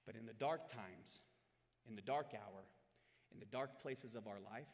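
A man preaching a sermon to a congregation, swinging from loud, dramatic scripture readings to quiet, reflective asides. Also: lowish voice, unhurried. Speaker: pastor. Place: church hall. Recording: long hall reverb. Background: congregation in the room.

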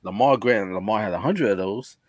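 A man with a somewhat low voice co-hosts a sports podcast in a loose, teasing way, and swears freely. His voice is recorded dry, with no room sound. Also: fairly quick, no echo. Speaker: podcast co-host. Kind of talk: casual sports chat.

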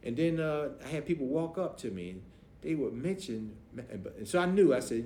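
Animated middle-aged pastor telling stories. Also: male voice, on the high side, brisk. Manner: animated, acts out voices, casual dialect grammar. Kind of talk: storytelling in a podcast interview. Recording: roomy echo, faint noise.

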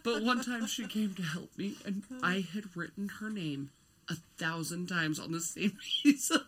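A woman's voice: mid-range voice, moderate pace, a little hiss or hum. A woman in casual chat, telling funny personal stories with a straight face.

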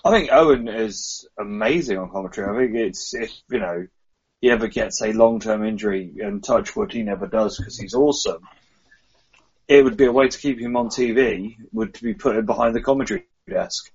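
A man with a low, gravelly voice chats casually on a podcast and offers keen opinions. His tone is husky, and the recording is a little dull and lo-fi. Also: a little fast, a little mellow. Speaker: podcast co-host. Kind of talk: casual chat.

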